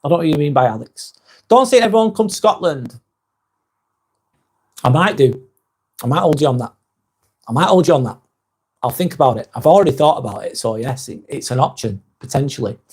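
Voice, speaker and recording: A man's voice: fairly high pitch, lively intonation, fairly quick, long pauses, darkish tone, husky. Chatty English man, blunt and sweary. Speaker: live vlog host. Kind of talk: casual chat reading viewer comments aloud.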